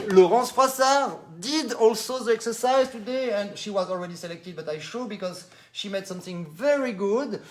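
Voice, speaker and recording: French male accordion teacher, high voice, lively and demonstrative live-stream delivery. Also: a little hiss or hum. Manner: animated, demonstrative, mixes in French words. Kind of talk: live-stream music lesson.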